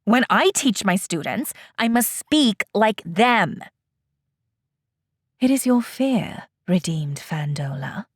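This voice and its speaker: A woman voicing a calm, cryptic alien female elder teacher in a hushed, half-whispered, solemn voice, recorded dry. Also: mid-range voice, takes it slowly, slightly rough, no echo.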